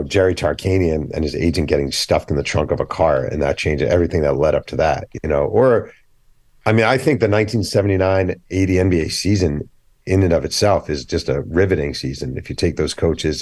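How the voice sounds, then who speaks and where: A man, an author guest on a podcast, telling animated stories, acting out quoted dialogue and speaking bluntly. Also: very deep voice, no echo. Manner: blunt, opinionated. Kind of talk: casual podcast interview.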